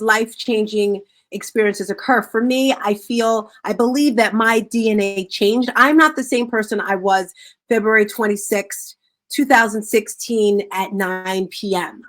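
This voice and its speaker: A woman author talking about her book in an interview, telling stories in an animated, upbeat way. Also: fairly high pitch. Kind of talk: casual interview talk.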